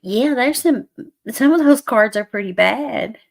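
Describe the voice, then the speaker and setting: A hoarse middle-aged woman, hosting a casual livestream chat with viewers and laughing often. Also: fairly high pitch, expressive, a little slow. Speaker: livestream host.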